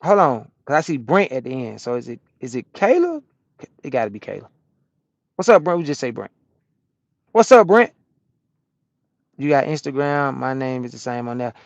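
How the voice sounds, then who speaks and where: Slangy trucker chatting on a live stream. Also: male voice, medium pitch, very animated, brisk, gravelly, dry recording, lo-fi sound. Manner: loose slangy talk, answering chat out loud. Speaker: trucker streaming to his chat. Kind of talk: casual live-stream chat. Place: inside a truck cab. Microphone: small camera-mounted microphone.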